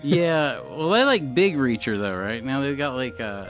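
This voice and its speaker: A man co-hosting a podcast, riffing playfully and pitching ideas in casual chat. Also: lively intonation, unhurried, soft background music. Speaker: podcast co-host.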